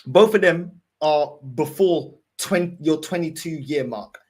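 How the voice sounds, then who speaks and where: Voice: mid-range voice, a little slow, darkish tone, breathy edge. A football fan host ranting angrily to camera, swearing and repeating points. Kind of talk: angry fan rant to camera.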